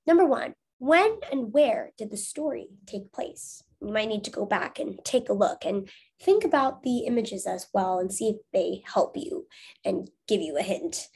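A woman's voice: mid-range voice, animated, moderate pace, vocal fry, a little mellow, husky. A woman teacher reading a storybook aloud to young students, then asking encouraging discussion questions. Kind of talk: reading aloud to children, lesson.

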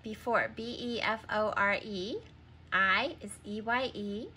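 A woman's voice: mid-range voice, takes it slowly, sharp tone, slight background noise. A woman teaching a recorded reading lesson to young children, sounding out words, spelling them letter by letter and patiently prompting answers.

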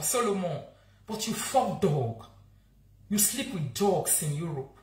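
A woman's voice: medium pitch, expressive, takes it slowly, fairly bright tone, roomy sound. A woman with a Nigerian accent, scolding and insulting someone in a heated live-video rant. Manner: angry, insulting, repetitive scolding. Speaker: social media vlogger.

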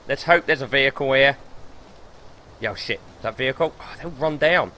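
A young man streaming gameplay live, excitable and swearing as he talks himself through the match. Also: medium pitch, moderate pace, slight background noise. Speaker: gaming streamer.

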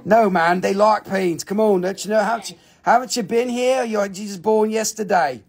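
A man hosting a live gemstone sale, excitable and cursing freely, breaking into snatches of song. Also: sits high, normal speed, creaky, breathy edge. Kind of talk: live shopping stream. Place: home shop.

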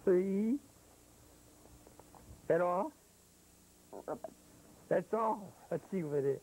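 A man's voice: high-pitched, expressive, slow, pauses often, a little mellow, slightly rough, low-quality recording. A man hosting a 1970s children's TV show as a clown, playfully coaxing the kids and chatting with a puppet sidekick. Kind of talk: 1970s kids' TV show patter. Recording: old broadcast archive, faint hiss.

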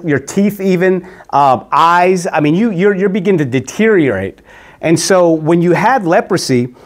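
A man gives a relaxed Bible teaching with a slightly higher-than-usual voice. He talks conversationally, stumbling and repeating words as he goes. His lines often break off and start again.

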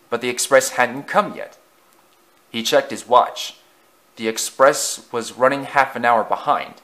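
A man with a medium-pitched, fairly bright voice reads a storybook aloud as an amateur narrator, often stumbling and correcting himself.

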